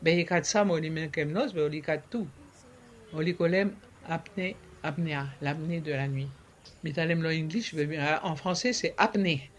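A man, talking casually in an interview. He slips French words into his speech and pauses often to search for words. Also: fairly high pitch, slight background noise. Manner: searching for words, many fillers. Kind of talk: casual conversation.

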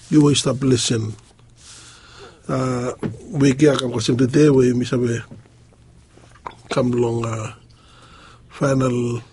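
Husky guy preaching real slow, lots of pauses and uhs. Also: medium pitch, darkish tone. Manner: halting, with many pauses and fillers. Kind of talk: sermon.

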